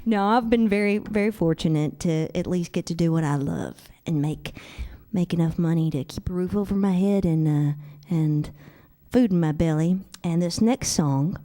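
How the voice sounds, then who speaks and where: A woman's voice: lowish voice, moderate pace, dark tone. A woman singer-songwriter chatting with the crowd between songs, joking and self-deprecating. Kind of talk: stage banter between songs. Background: guitar music.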